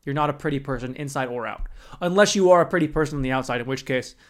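A young man riffs through a comedic podcast rant, crude and sarcastic, wandering from point to point. His pitch sits in an ordinary middle range for a man. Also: fast talker. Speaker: podcast host.

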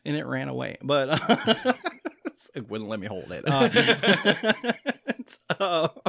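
Creaky-voiced rambling man. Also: a little high, huge pitch swings, takes it slowly, fairly bright tone, dry recording. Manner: rambling, filler-heavy, laughs easily. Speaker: guest. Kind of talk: casual chat.

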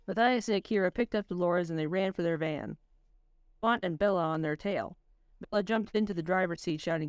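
A woman's voice: fairly low pitch, expressive, normal speed, smooth, no echo. Woman reading a spooky story, dry. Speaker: writer reading her own story. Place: home voice chat. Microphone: computer mic on a voice call.

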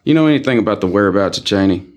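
A man's voice: on the low side, lively intonation, rapid-fire, a little mellow, lightly acted. An actor playing a stiff, self-assured lawman hunting a bounty, speaking in formal, old-fashioned sentences. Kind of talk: film dialogue.

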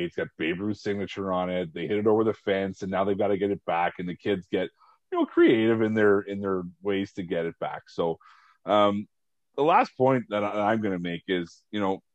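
A man's voice: on the low side, a little mellow, no room sound, lo-fi sound. A man hosting a casual podcast, chatting about movies and sports and rambling with many fillers. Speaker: podcast host.

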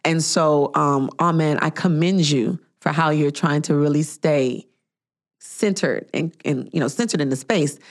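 A woman in her thirties hosting a podcast, her voice sitting a little low. She talks in a casual, chatty way and brings her stories to life by playing out what other people said. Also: unhurried. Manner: animated storytelling, acting out quoted people. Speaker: podcast host. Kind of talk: casual chat.

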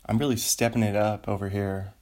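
A man hosting a solo podcast, rambling and excitable, joking around as he talks from his home studio. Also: fairly low pitch, brisk. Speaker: podcast host.

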